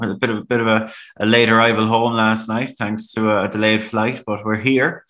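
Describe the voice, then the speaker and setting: A man joins a casual podcast chat, bantering and joking throughout. His voice is bright and forceful. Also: on the low side, steady tone, moderate pace. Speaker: podcast regular.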